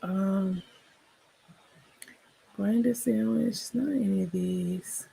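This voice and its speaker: A woman's voice: mid-range voice, extremely slow, creaky, mellow, breathy edge. A woman hosting a casual livestream, talking bluntly and sassily, cursing freely and laughing often. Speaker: livestream host.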